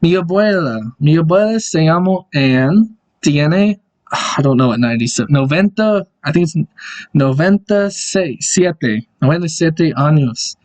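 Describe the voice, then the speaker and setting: A man's voice: on the high side, lively intonation, measured pace, a little mellow. A young man casually walking through his old school projects on screen, rambling and correcting himself, with chuckling asides. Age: young adult. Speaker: video creator. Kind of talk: casual screen-share walkthrough.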